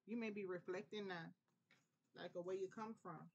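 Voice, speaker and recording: A woman from New Orleans with a New Orleans accent, giving a relaxed, prayerful tarot reading in a conversational way. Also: medium pitch, moderate pace, gravelly, slightly rough, dull audio. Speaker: tarot reader. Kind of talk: casual spiritual tarot reading.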